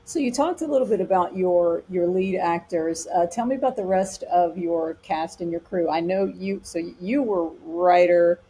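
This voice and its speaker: A woman's voice: on the low side, normal speed, few pauses, mellow, a little hiss or hum, poor audio. A woman hosting a podcast, asking her guest short questions in a casual way. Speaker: podcast host.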